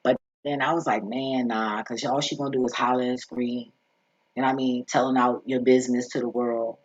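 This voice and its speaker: Speaking briskly in a husky, level mid-range voice with no echo, the vlogger tells his story on a dull lo-fi recording. He rambles into asides, curses bluntly, and keeps dropping "you feel me."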